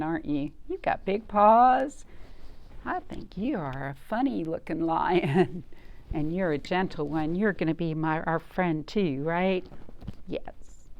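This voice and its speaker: A woman librarian leading children's storytime, reading slowly and gently in a lowish voice. She pauses often to ask the children questions. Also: dull audio.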